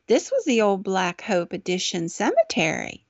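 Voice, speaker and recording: A woman voicing a very old man of about eighty who gives a plain, slow warning, on a dull, dry recording. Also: medium pitch, wildly swooping pitch, no room sound.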